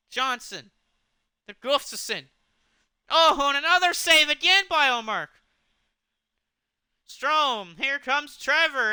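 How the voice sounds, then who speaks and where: A man's voice: sits high, sharp tone, smooth, no echo, studio quality. A man doing play-by-play commentary over a hockey video game, rattling off player names and stopping to fix his own pronunciation. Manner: rapid name-calling, stops to fix his own pronunciation.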